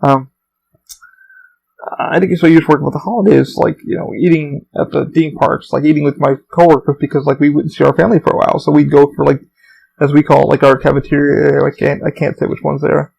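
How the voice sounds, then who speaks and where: A man's voice: on the high side, level tone, a little fast, gravelly, a little mellow, slightly rough, poor audio. A young man hosting a solo podcast, rambling through stories with lots of swearing and fillers, acting out other people in raised voices. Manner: profane, rambling storytelling with many fillers. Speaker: podcast host.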